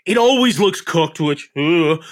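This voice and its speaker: A man's voice: fairly high pitch, animated, measured pace. A man hosting a podcast, ranting theatrically and swearing a lot in casual chat. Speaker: podcast host.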